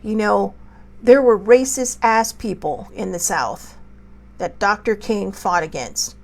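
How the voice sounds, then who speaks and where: A woman host pours out tearful anger in slow, deliberate commentary, her voice carrying a gravelly fry. She sinks to near-whispers at moments and then rises into forceful outbursts. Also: medium pitch. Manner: impassioned, pausing, swinging between soft whispers and raised outbursts. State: tearful, angry. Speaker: show host. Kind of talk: emotional personal commentary.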